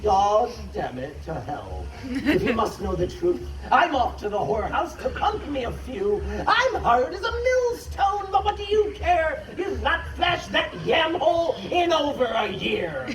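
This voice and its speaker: A man voicing a crude, gruff father and husband in bawdy rhymed verse, recorded from afar outdoors. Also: extremely high pitch, expressive, unhurried, echoey room, far from the mic, crowd noise, pitched above the performer's own voice, poor audio.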